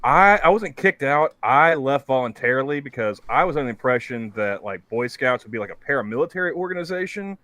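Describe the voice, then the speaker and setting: A man's voice: mid-range voice, animated, a little fast, few pauses, sharp tone, no room sound. Profane joking man, dry close sound. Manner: profane, joking, with stumbling restarts. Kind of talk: casual crude banter.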